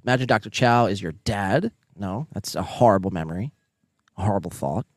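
A man with a Northeastern American accent hosts a live podcast from home, reading viewer chats in a casual, profane, joking way. His voice sits fairly low and jumps into loud bursts. The sound is close and dry, with no room echo. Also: animated, normal speed. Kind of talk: casual livestream chat. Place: home, near neighbors.

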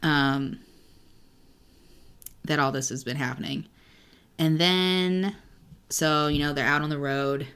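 A woman's voice: low-pitched, slow pace, long pauses, fairly bright tone, smooth. A young woman co-hosting a book podcast, chatting casually, swearing freely and reading passages aloud. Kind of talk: casual chat.

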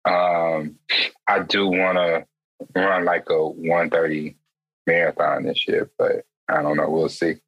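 A man's voice: low-pitched, flat delivery, slow pace, slightly rough, dry recording, muffled recording. A young man chatting as a podcast guest, laughing often and talking in easy slang. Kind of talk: casual podcast chat.

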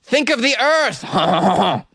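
Man putting on a manic French protester, fake French accent, cackling, pitched up high, dry close sound. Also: sing-song, normal speed, sharp tone, dry recording, heavily acted. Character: excitable male French protester, shouting slogans.

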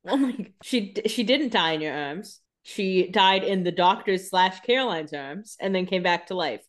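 A woman's voice: medium pitch, animated, moderate pace. A young woman co-hosting a podcast, chiming in with wry, sarcastic asides while they recap a show. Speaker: podcast co-host. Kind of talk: casual recap chat.

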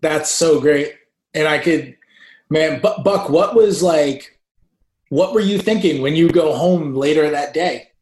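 A man hosting the conversation, asking excited questions. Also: on the high side, a little slow, reverberant. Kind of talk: interview questions.

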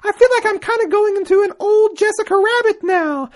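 A man voicing a gushing old-lady cook in a shrill, warbling falsetto that is over the top. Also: brisk.

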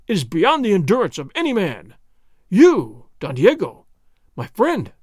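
A man's voice: sits high, wildly swooping pitch, measured pace, darkish tone, no room sound, clean studio sound, heavily acted. A man doing a roaring, blustering big sergeant. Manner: roaring, sputtering. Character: big blustering sergeant, loud and choking with rage.

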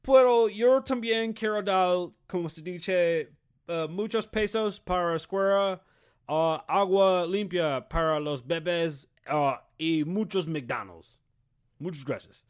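A man mimicking a male politician who speaks clumsy, halting Spanish, stalling with fillers as he pandres to a crowd. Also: fairly low pitch, a little mellow, dry recording, clean studio sound, pitched below the performer's own voice, close to an everyday voice. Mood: pandering. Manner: halting, stilted speech full of fillers.

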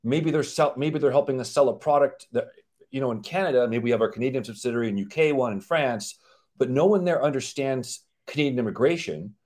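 A man's voice: medium pitch, fairly quick, a little mellow. A man speaking as a company chief on a live stream, explaining rules in an emphatic way and acting out the back-and-forth of clients and lawyers. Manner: emphatic, acts out quoted exchanges. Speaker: guest, company CEO.

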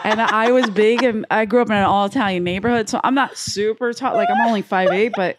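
A woman's voice: medium pitch, fairly quick, background noise. A woman hosting a podcast, telling crude, joking stories in casual chat and laughing often. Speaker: podcast host.

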